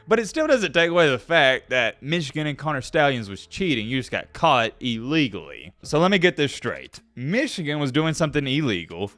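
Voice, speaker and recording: A young man hosting a casual sports commentary vlog, animated and emphatic, punching key words out slowly. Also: medium pitch, no echo.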